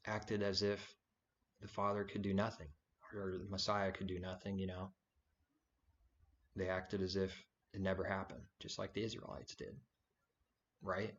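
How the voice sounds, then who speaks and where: Low flat-voiced man preaching casually. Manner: rambling and conversational, with many fillers and restarts. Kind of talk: informal spoken sermon. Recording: dull lo-fi recording.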